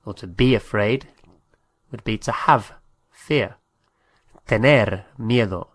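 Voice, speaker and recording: A man's voice: lowish voice, slow, a bit bright, dry recording. A man giving a patient language lesson, spelling out words letter by letter. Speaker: Spanish teacher.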